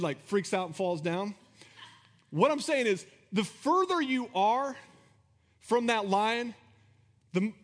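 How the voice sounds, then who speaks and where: A man preaches to his church with a high voice for a man. His delivery is loose and conversational, full of "like" and short laughs between points. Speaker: pastor. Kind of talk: sermon.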